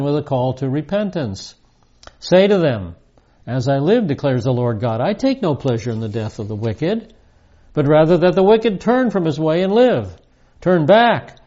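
An older man in his seventies gives a verse-by-verse Bible teaching, leaning hard on the key phrases. His voice sits a little high for a man, and the recording is dull and lo-fi. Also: dark tone. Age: 70s. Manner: emphatic, stresses key phrases.

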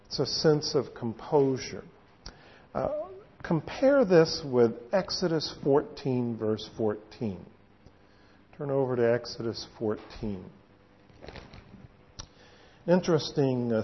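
Male pastor, slow deliberate delivery, slightly dull lo-fi recording, teaching sermon. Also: mid-range voice, husky. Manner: unhurried teaching with scripture readings and frequent fillers.

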